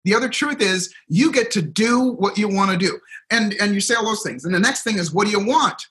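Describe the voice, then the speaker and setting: Energetic middle-aged male guest, a bit high-pitched, sharp bright tone, vivid storyteller. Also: brisk, rough recording. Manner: energetic, acts out quotes and crowd reactions. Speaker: guest speaker, seminar trainer. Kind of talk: animated storytelling in a conversation.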